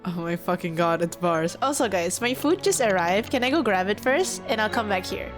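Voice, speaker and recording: A woman streaming a game, reacting excitably and translating the scenes out loud in a casual way. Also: medium pitch, normal speed, faint music behind. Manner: excitable, loud exclamations, giggly.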